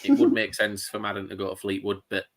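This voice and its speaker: A man's voice: lowish voice, level tone, fast talker, crowd noise. A man co-hosting a casual football watchalong chat, jokey and full of banter. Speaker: podcast co-host.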